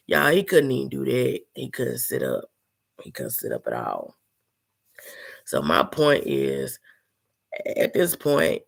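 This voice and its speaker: A woman's voice: extremely low pitch, vocal fry. A sick woman telling a personal story to her viewers in an earnest, emotional, casual way. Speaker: vlogger.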